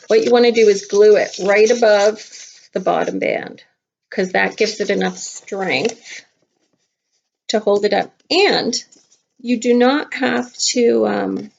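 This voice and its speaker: Chatty kindergarten teacher with a gravelly voice. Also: female voice, medium pitch, darkish tone, slight background noise. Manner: chatty, playful, talks straight to kids. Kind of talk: craft lesson for young children. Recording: dull lo-fi home video sound.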